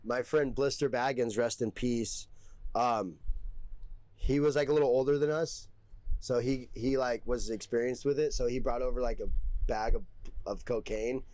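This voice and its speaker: A man's voice: mid-range voice, steady tone, normal speed, a little mellow, no echo, poor audio. A young man, a podcast guest, telling stories in a casual, rambling way, full of swearing and filler words. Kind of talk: casual storytelling.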